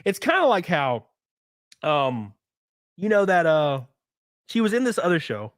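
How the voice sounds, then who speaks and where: Animated, stuffy Southern man ranting. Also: a little high, unhurried, dry recording, studio quality. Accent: Southern US, Alabama. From Alabama. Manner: animated, profane, mocking. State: stuffy runny nose. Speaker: streamer host. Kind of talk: casual livestream rant.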